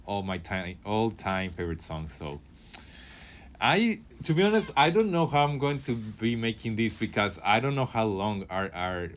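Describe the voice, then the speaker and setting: Rambling low-voiced male radio host. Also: slight background noise. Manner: rambling, halting, many fillers and restarts. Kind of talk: casual solo radio talk. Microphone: studio microphone.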